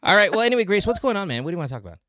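A man hosting a casual call-in podcast, playful and joking, with sudden loud laughs and casual swearing. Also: high-pitched, big pitch swings, rapid-fire, no echo, clean studio sound. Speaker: podcast host taking calls.

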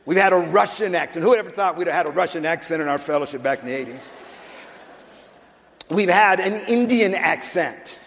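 Older male preacher, high voice, emphatic and conversational, long hall reverb. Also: animated, a little fast, creaky, a bit bright. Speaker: pastor. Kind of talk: sermon. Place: church sanctuary.

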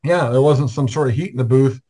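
A man of mid pitch hosts a video call interview. He circles toward each question, leaning on fillers and restarts as he goes. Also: mellow, slightly rough. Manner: halting, fills gaps with uh and um. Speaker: host.

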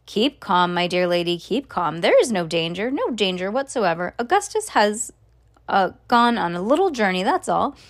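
A woman reading a storybook aloud, voicing a calm, whimsical chocolate-maker with breezy reassurance. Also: mid-range voice, normal speed, natural voice. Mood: soothing. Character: whimsical, unflappable chocolate-maker, adult man.

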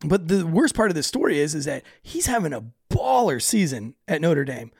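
A man's voice: on the high side, very animated, moderate pace, vocal fry, slightly rough, no room sound, clean studio sound. A young man co-hosting a podcast, telling stories in a blunt, profane way with lots of restarts. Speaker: podcast co-host. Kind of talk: casual chat.

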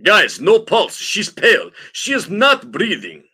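A man putting on a loud mock-Russian guy. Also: high-pitched, wildly swooping pitch, unhurried, vocal fry, husky, pitched above the performer's own voice, heavily acted. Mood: panicked. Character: Russian man panicking over his girlfriend.

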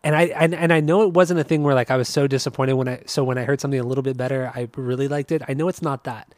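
A man co-hosting a podcast in casual chat, easygoing and quick to laugh, with hesitant restarts. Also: medium pitch, steady tone, darkish tone, no room sound, clean studio sound. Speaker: podcast co-host.

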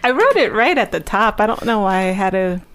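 A woman co-hosting a casual chat, playful, asking quick questions and laughing at herself. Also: medium pitch, sing-song, a bit bright. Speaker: podcast co-host.

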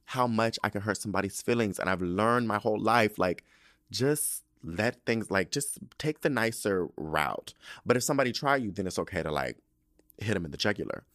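A man's voice: lowish voice, a bit bright, no room sound, clean studio sound. A young man hosting a podcast, telling a story in a sassy, dramatic, slangy way with lots of swearing. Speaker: podcast host. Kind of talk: casual storytelling monologue.

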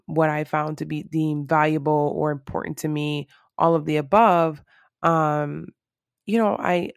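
A woman's voice: sits low, gravelly, dry recording, clean studio sound. A woman talking to camera in a casual, reflective monologue, earnest and rambling with lots of fillers.

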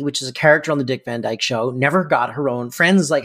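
A man's voice: fairly high pitch, moderate pace, fairly bright tone. Chatty man explaining a sitcom joke. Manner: chatty, explains with frequent fillers. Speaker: podcast co-host. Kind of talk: casual TV recap chat.

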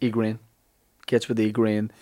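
A man retelling an old legend as comic chat, acting out the characters' lines in animated bursts. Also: fairly low pitch, measured pace, dry recording. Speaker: podcast host telling a legend.

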